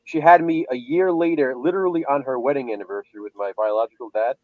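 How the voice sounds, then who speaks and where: A man's voice: medium pitch, fast, darkish tone, dry recording, muffled recording. A man in his thirties chatting casually, telling rambling stories and crude jokes. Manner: crude joking, rambling storyteller. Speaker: podcast co-host. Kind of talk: casual chat.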